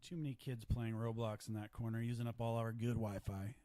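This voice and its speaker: A man calls a youth ninja competition live, mixing play-by-play with easy jokes and banter. His voice sits at a middle pitch, relaxed and conversational. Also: fairly quick. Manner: joking, chatty banter. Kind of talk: live sports commentary.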